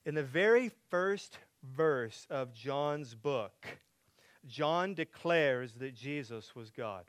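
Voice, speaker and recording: A man preaching a sermon to a congregation, asking them direct questions and building from quiet teaching to loud, emphatic preaching. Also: medium pitch, lively intonation, slow pace, dry recording. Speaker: pastor.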